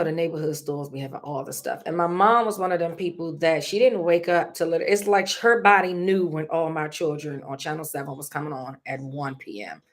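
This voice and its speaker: A middle-aged woman, hosting her own show and sharing a personal story in an earnest, prayerful way. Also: low voice. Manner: earnest, prays aloud, laughs through a funny memory. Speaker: podcast host.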